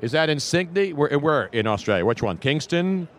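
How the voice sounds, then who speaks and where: A man's voice: a little high, big pitch swings, moderate pace, fairly bright tone. A man hosting a radio show, joking and teasing his guest in casual chat. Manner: joking, teasing, mock-outraged. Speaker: radio host. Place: busy outdoor broadcast row.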